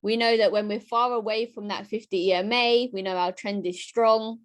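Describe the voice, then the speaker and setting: A woman giving a live-streamed trading lesson, lively and chatty, talking straight to her viewers and often asking "right?". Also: mid-range voice, normal speed. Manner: talks straight to her chat audience. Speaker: trading educator.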